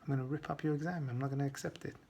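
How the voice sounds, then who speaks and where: A man's voice: medium pitch, steady tone, very fast, gravelly, warm tone, a little hiss or hum, lightly acted. A man voicing a strict, stern male schoolteacher who threatens a pupil.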